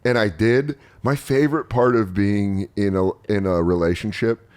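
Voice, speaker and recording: A man's voice: on the low side, normal speed, darkish tone. A man in his thirties hosting a casual podcast chat, telling jokey stories and mimicking voices. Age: 30s. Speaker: podcast host.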